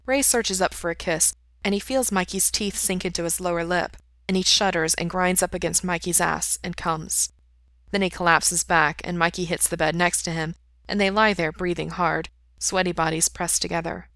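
A woman reading a story aloud in a calm, even way. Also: on the low side, moderate pace, no echo. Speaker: reader. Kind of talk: storybook narration.

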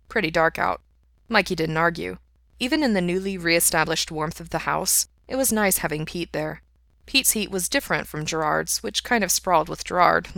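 A woman reading fiction aloud in a calm, plain narration. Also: lowish voice, gravelly, dry recording, clean studio sound. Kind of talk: audiobook-style fiction reading.

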